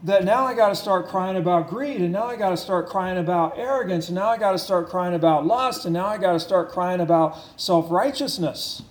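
Earnest male preacher in echoey room. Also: sits high. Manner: earnest, repetitive preaching with slowed emphasis and rising intensity. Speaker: pastor. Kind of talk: sermon.

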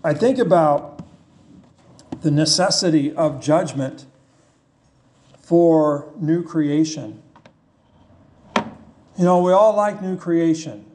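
A man delivers a sermon at an unhurried pace, his voice sitting high. He talks in a plain, conversational way and keeps putting questions to his listeners. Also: darkish tone, a little hiss or hum. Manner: slow, conversational preaching with rhetorical questions. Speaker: pastor.

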